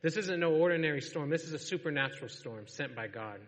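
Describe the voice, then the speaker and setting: A man's voice: fairly high pitch, expressive, quick pace. A man preaching a sermon to a congregation in a church, in a casual storytelling way and laughing often. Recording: long reverb of a large hall.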